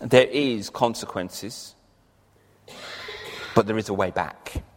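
A man's voice: lowish voice, slow, slight background noise. A man preaching a sermon earnestly, lifting his voice on key phrases. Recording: long reverb of a large hall.

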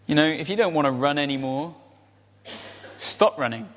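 A man's voice: fairly high pitch, moderate pace, a bit bright. A man preaching a conversational sermon, often tossing in rhetorical tag questions. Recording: reverberant hall.

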